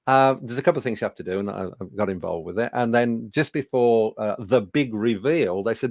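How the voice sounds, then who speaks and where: A man's voice: mid-range voice, a little fast, vocal fry, no room sound. Brummie man in his sixties telling stories. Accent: Birmingham. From Birmingham, England. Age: 60s. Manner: anecdotal, self-deprecating, lively storytelling with fillers. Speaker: public speaking coach. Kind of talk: talk to a studio audience.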